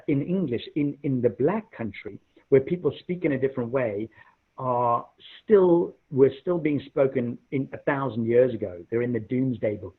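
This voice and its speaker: A middle-aged man from Africa, a guest telling stories in an animated, chatty way over a video call. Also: medium pitch, slightly rough. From South Africa. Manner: animated, repeats words when starting. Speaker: guest, minister. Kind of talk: casual storytelling chat. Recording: muffled phone-like call audio.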